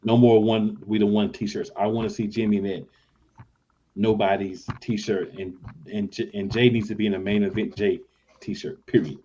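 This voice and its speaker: A man hosting a casual podcast, talking in an energetic, playful way. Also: lowish voice, normal speed, breathy edge. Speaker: podcast host. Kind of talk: casual chat. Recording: dull lo-fi audio.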